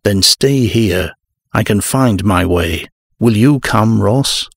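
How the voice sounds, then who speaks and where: A man reading the part of a frantic adult male scholar who shouts urgently in an audiobook. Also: fairly low pitch, takes it slowly, gravelly, no room sound, clean studio sound, heavily acted.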